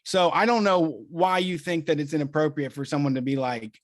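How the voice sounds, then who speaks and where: A man's voice: on the high side, a little fast, few pauses, dry recording, clean studio sound. A man co-hosting a casual podcast, talking in profane, heated rants and slipping into mock voices. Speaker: co-host.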